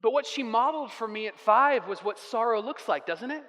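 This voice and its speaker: A man's voice: very high-pitched, expressive, fairly quick, few pauses, bright, forceful tone. A man in his thirties preaching a sermon, telling family stories and acting out the dialogue. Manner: storytelling with acted-out dialogue. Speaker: pastor. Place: church sanctuary. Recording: echoey hall reverb.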